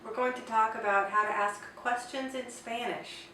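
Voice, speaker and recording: A woman explaining grammar in an online language lesson, slowing down carefully to model example sentences. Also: a little high, steady tone, bright, forceful tone. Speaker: Spanish teacher. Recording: echoey room, distant mic, faint noise.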